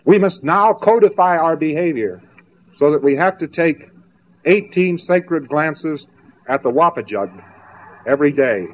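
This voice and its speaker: A man's voice: on the high side, lively intonation, unhurried. A man giving a spoken lecture, mocking and sarcastic as he tells stories to make his point. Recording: tinny narrow-band old tape.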